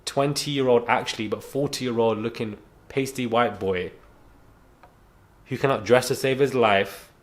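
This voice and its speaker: Speaking a little slowly in a medium pitch, a young man who comments on YouTube vents to the camera from home while it rains. His tone is blunt and indignant, and he rambles, restarts, and describes himself as having a stutter.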